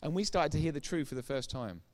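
A man giving a sermon testimony as a preacher, retelling conversations line by line and growing loud and emphatic when he preaches. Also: a little high, lively intonation, fast. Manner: retells dialogue with repeated "I said, he said".

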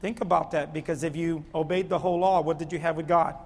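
A man preaching a sermon with a lively delivery that swings from quiet, low stretches to loud, near-shouted pleading. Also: quick pace. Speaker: pastor. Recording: long hall reverb.

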